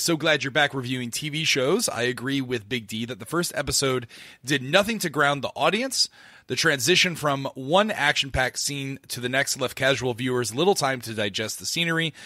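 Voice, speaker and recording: A man's voice: mid-range voice, normal speed, pushed and bright, no room sound, studio quality. A man from Florida co-hosting a podcast, chatting loosely with lots of fillers and restarts. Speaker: podcast co-host. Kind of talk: casual podcast chat.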